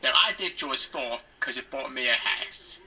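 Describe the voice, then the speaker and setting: A man's voice: mid-range voice, lively intonation, moderate pace, pushed and bright, slight background noise, low-quality recording. A man doing a drawling old English film star impression. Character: impression of a famous older English actor. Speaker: listener sending a voice clip.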